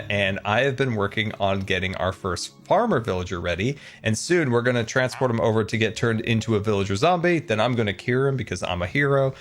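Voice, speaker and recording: A man giving commentary on his own Minecraft gameplay, swinging between frantic high-pitched panic and relaxed explanation. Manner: panicky, squealing, laughing while playing. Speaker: Minecraft YouTuber.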